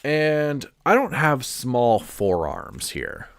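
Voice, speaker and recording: A man's voice: mid-range voice, wildly swooping pitch, takes it slowly, dry recording. A man chatting casually on a live stream, congested and rambling with lots of "like" and restarts. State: stuffed up, congested.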